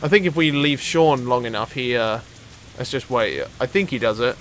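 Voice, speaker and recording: A young man, commentating on gameplay casually, excitable and swearing often. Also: mid-range voice, moderate pace, a little hiss or hum. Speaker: let's play host.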